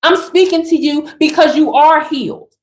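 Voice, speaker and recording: A woman's voice: high voice, moderate pace, reverberant. A woman giving an emphatic, sassy motivational spiritual talk straight to her listeners.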